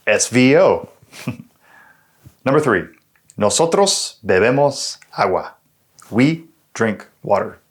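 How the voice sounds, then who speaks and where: A male teacher walks through a language lesson at an unhurried pace, breaking each example into parts. His pitch rises and falls a lot as he explains, keeping the delivery lively. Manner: patient, step-by-step explaining. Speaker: Spanish teacher.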